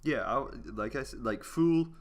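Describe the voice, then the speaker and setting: A man's voice: mid-range voice, measured pace. A young man co-hosting a casual film podcast, offhand and loose, swearing and trailing off mid-thought. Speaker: podcast co-host. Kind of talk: casual chat.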